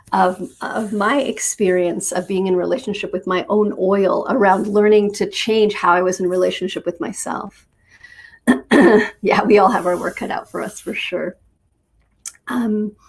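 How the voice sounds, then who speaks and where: A woman spiritual teacher giving an unhurried talk, telling a personal story with thoughtful pauses. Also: mid-range voice.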